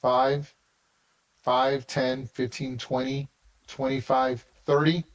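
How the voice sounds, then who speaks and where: A man's voice: medium pitch, flat delivery, takes it slowly, rough recording. A man narrating and running a tabletop game as game master, talking casually with many restarts.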